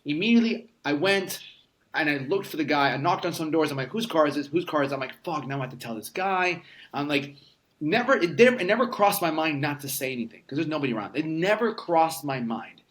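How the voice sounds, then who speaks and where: A man's voice: fairly high pitch, expressive, a little fast, fairly bright tone. A man in his thirties, a podcast guest in casual conversation, telling stories emphatically and swearing freely. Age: 30s. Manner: emphatic, profane storyteller.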